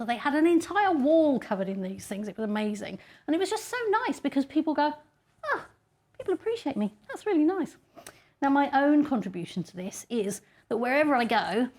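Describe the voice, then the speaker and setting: A woman's voice: a little high, darkish tone. A middle-aged woman giving a chatty, self-deprecating conference talk and laughing often. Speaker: conference speaker.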